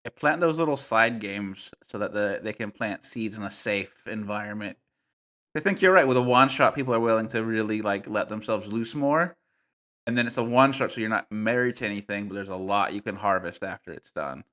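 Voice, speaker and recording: A man guesting on a podcast, telling tabletop game stories in a playful, animated way with plenty of fillers. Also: fairly low pitch, fairly quick. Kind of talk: casual podcast conversation.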